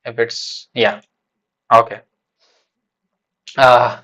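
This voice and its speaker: Higher-voiced man reacting live. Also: unhurried, a bit bright, muffled recording. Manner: hesitant, with many fillers and restarts. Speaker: streamer reacting to a manga chapter. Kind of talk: casual live reaction, thinking aloud.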